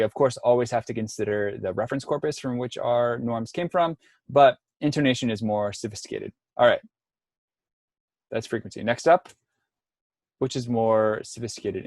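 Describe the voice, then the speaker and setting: A man's voice: mid-range voice, moderate pace, darkish tone, dry recording, studio quality. A man presenting an online workshop, explaining step by step with frequent ums and restarts over a video call. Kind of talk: online lecture.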